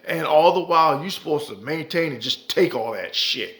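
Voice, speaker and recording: Male commentary vlogger: heated, profane delivery, slightly raised pitch, hammers points through repetition. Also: animated, moderate pace, fairly bright tone. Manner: profane, heated, repeats himself for emphasis. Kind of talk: impassioned ranting commentary.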